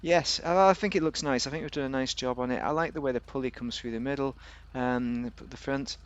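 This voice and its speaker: A man's voice: mid-range voice, steady tone, fairly quick, highs cut off. Chatty man reviewing a game car. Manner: chatty, rambling, jokey. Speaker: game video host.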